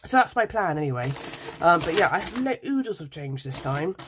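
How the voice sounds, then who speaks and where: A woman's voice: lowish voice, big pitch swings, a little fast, noisy background. A woman in her thirties with a British accent and a nasal head cold, chatting casually and rambling to camera with lots of ums and apologies as a budgeting vlogger. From United Kingdom. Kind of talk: casual chat to camera while sorting coins. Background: faint clinking of coins.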